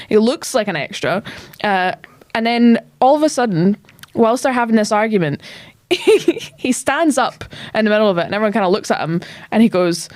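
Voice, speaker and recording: Expressive woman on a dry mic. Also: mid-range voice, no room sound. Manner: expressive, explains points, laughs. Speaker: podcast co-host. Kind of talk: casual film review chat.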